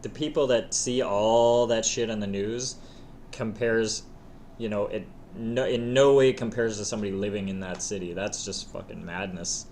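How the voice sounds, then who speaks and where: A man's voice: lowish voice, fairly even intonation, moderate pace, a little mellow, a little hiss or hum. A man hosting a live stream, chatting loosely with a guest, swearing freely and reading out viewer questions. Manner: loose, swearing, reads chat questions aloud. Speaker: stream host. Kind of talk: casual live-stream chat.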